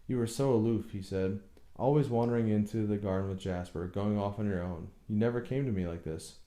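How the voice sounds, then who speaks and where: A man's voice: on the low side, fairly quick, mellow, reverberant, natural voice. A man voicing a tormented older husband who talks in a brooding, bitter way in an audiobook reading. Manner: brooding, bursts into bitter anger.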